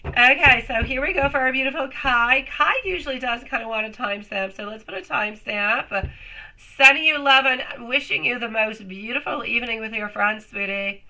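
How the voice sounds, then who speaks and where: This live tarot reader has a sharp, fairly high voice and a moderate pace, heard in a low-quality recording. Affectionate and talkative, she addresses viewers as "sweetie" and "love," though she still sounds a little off while recovering.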